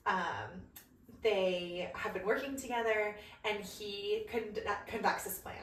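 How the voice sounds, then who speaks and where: A woman's voice: medium pitch, recorded from a distance. Young woman, podcast co-host, casual chat, rambling, filler-heavy, roomy, faint background noise. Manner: rambling storyteller, heavy "like" filler, quick bursts.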